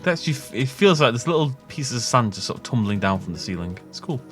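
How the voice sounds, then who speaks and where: A man's voice: mid-range voice, big pitch swings, fast talker, fairly bright tone, soft background music. Rambling, jokey man playing a game. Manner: rambling and jokey, laughs at his own tangents. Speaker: gaming YouTuber. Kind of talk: casual let's-play commentary.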